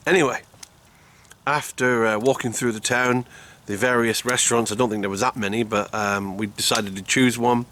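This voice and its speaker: A man sits outdoors in winter woods, telling a casual story to camera. He rambles, chuckles and trips over repeated words. His voice sits at an ordinary middle pitch. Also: steady tone, moderate pace, a bit bright. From United Kingdom. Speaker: outdoor vlogger.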